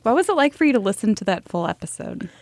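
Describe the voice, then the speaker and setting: A woman's voice: fairly high pitch, big pitch swings, fast, darkish tone, dry recording. A woman hosting a podcast interview, talking in a candid, reflective way. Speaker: podcast host.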